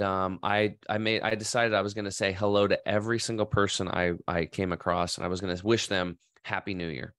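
A man's voice: on the low side, fairly bright tone, clean tone, no room sound, clean studio sound. A middle-aged man from Oregon casually telling a rambling, enthusiastic story in a vlog and acting out quoted voices. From Oregon, USA. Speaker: vlogger in the health industry.

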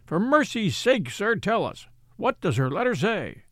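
A man voicing an excitable elderly male house steward who pleads urgently. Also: sits high, measured pace, dry recording, clean studio sound, voice pushed up, full character voice. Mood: urgent pleading.

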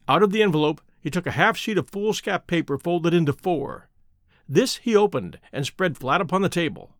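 A man reading a classic mystery aloud in a measured, expressive narration, in a dry close recording. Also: fairly high pitch, no echo. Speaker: audiobook reader. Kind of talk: scripted narration.

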